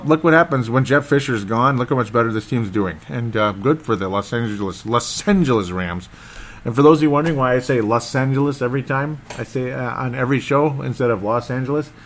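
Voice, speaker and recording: Rambling excitable man recapping football. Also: medium pitch. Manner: rambling, excitable, loses his train of thought. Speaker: sports show host. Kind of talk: casual solo sports commentary.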